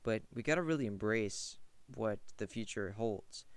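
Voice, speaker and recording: A young man talks through his views on a game in a loose, rambling way. His voice sits a little low, and he keeps reaching for "like" between thoughts. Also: normal speed, clean tone, no echo. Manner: rambling, heavy use of "like". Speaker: gaming commentator. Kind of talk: casual rambling commentary.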